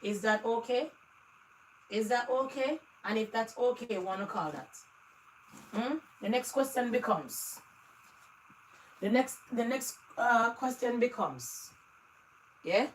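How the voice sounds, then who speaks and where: A woman's voice: on the high side, lively intonation, slow pace, long pauses, a little hiss or hum, poor audio. A woman with a Jamaican accent giving live stream commentary, firing off pointed rhetorical questions.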